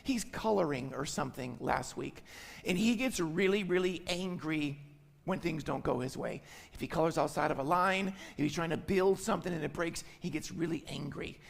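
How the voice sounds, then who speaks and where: A man's voice: fairly high pitch, normal speed, creaky. Middle-aged male pastor, emphatic sermon delivery, long reverberant hall. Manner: emphatic, repeats phrases for stress.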